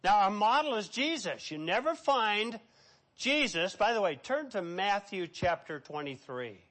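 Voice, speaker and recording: High-voiced preaching man. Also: very animated, a little slow, fairly bright tone. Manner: preachy, dramatic, reads scripture aloud, acts out quotes. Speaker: pastor. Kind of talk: sermon.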